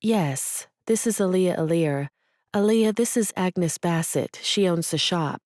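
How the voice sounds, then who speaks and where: A friendly young heroine of an audiobook romance, speaking plainly and politely, only a touch higher than the narration, as a narrator puts her on. The recording is close and dry. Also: measured pace, darkish tone, dry recording, natural voice.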